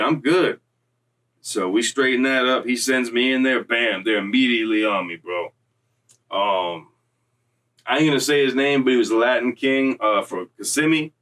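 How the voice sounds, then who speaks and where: A young man from Florida spins a casual, animated story in heavy street slang, acting out the other people as he goes. His pitch sits in an ordinary middle range. He sounds a little distant from the microphone. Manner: streetwise slang, animated retelling with quoted voices. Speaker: storyteller recounting prison time.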